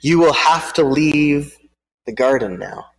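Fatherly storybook God read by a man, gentle, slow calls, fairly high voice, hall echo. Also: animated. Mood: grieved. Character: grieving fatherly God calling to children. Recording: long hall reverb.

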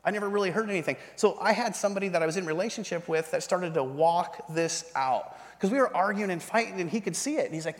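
A man in his thirties giving a sermon testimony, telling the story with animated storytelling and acting out the voices of the people in it. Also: sits high, fairly quick. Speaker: pastor. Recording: reverberant hall.

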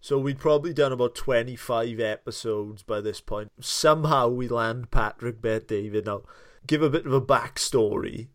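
A man's voice: mid-range voice, moderate pace, dry recording. Welsh man telling stories, dry sound. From South Wales. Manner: lively anecdotal storytelling. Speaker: podcast co-host. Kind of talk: casual chat.

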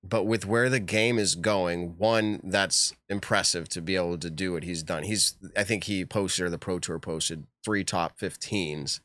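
A man hosting a casual podcast, chatting in an animated, emphatic way and laughing often. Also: sits low, measured pace, few pauses, no room sound. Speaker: podcast host. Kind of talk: casual chat.

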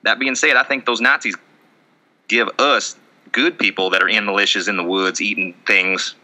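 A man's voice: lowish voice, steady tone, moderate pace, pushed and bright, low-quality recording. A man improvising a rambling militia man who lives in the woods, with a shaky attempted Southern accent that keeps slipping. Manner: rambling, self-contradicting, wobbly put-on drawl. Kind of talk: improvised comedy bit.

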